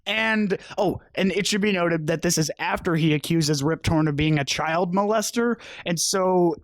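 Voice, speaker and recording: High-voiced young man, rambling sarcastic recap. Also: moderate pace, no room sound. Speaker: podcast co-host. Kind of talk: casual chat.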